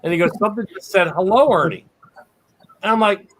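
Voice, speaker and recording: A man co-hosting a podcast, telling stories in a lively way and acting out the dialogue. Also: high voice, fairly quick, slight background noise. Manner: lively storyteller, acts out dialogue. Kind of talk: casual storytelling.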